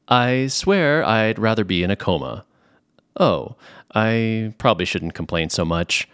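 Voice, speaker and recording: A man with a Southern California accent, hosting a podcast and reading out a joking letter in a playful, animated way. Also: fairly low pitch, unhurried, clear, resonant tone, no room sound, studio quality. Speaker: podcast host.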